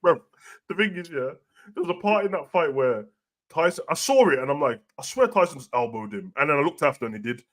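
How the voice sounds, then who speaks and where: A man's voice: a little high, animated, fast talker, fairly bright tone. A man, chatting casually and animatedly about football and boxing as a podcast host, dropping slang constantly. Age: adult with a young son. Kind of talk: casual chat.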